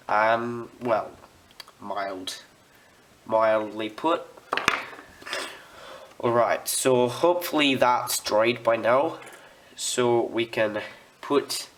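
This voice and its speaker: A young man with an Australian accent talks slowly and unhurriedly through a hobby tutorial. His pitch sits in the middle for a man, and he rambles in a chatty way while he works on small parts. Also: fairly bright tone. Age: student. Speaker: model railway hobbyist.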